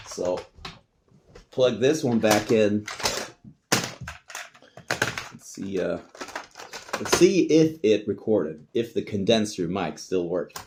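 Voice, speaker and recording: A man's voice: on the low side, animated, slow pace, long pauses. A man, rambling casually and swearing offhandedly while he tests old recording gear at home. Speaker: vlogger. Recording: noisy home recording with clicks.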